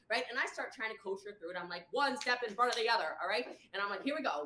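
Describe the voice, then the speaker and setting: A woman's voice: a little high, fast talker, few pauses, pushed and bright, a little hiss or hum. A woman on a livestream telling a long story, rambling and acting out what people said. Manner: rambling, acts out quotes. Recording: echoey room.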